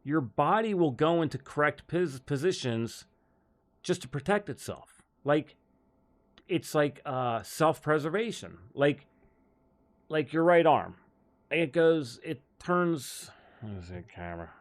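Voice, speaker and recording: A man's voice: a little high, big pitch swings, unhurried. A man hosting a live golf stream, telling stories in a loose, rambling way and laughing often. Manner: rambling storyteller, many restarts and laughs. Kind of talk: casual live-stream chat.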